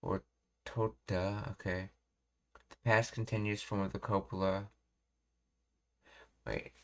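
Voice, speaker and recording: A man with a lowish voice talks very slowly through grammar points, halting and restarting as he reads and puzzles things out. He sounds like a streamer studying aloud. Keyboard typing and clicking sit behind him. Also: flat delivery. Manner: slow, halting, pausing to read and puzzle things out. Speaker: language learning streamer. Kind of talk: thinking aloud while studying Japanese grammar.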